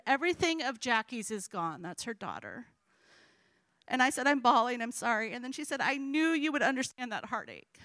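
A high, bright-toned woman leads a Bible study, talking earnestly and emotionally to the group. Her delivery is conversational, with fillers and restarts, and the close mic sounds dry. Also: no echo. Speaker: women's Bible study leader. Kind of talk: heartfelt teaching talk to a group.

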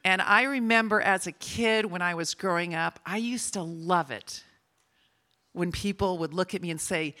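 An older woman preaching to a room of women, her voice bright and forward with a slightly low pitch. She talks in a chatty, personal way and teases her listeners now and then. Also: normal speed. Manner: warm, chatty and personal, teasing with the audience. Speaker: speaker at a women's gathering. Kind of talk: sermon.

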